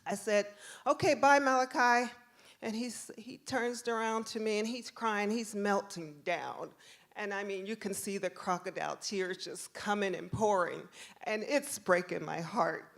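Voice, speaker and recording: A woman performing a true story on stage, animated and laughing as she acts out the voices. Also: medium pitch, a little slow, creaky. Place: stage at a live venue.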